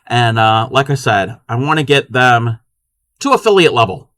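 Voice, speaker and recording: Man, casual crochet live-stream chat, bright voice, dry close sound. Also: mid-range voice, expressive, moderate pace, no room sound. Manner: chatty, counts stitches under his breath.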